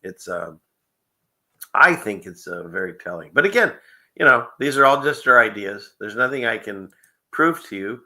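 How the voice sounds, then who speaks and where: Gravelly, bright-voiced male show host. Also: lowish voice, lively intonation, normal speed. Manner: rambling, chuckling often, frequent fillers. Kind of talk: casual livestream chat.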